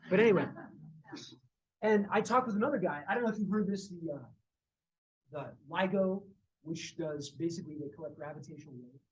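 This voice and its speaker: A man giving a university physics lecture, telling lively stories about his colleagues. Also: high voice, a little fast, pauses often. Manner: lively storytelling, acts out quoted colleagues. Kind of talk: university lecture with personal anecdotes. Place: lecture room. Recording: distant mic with faint background noise.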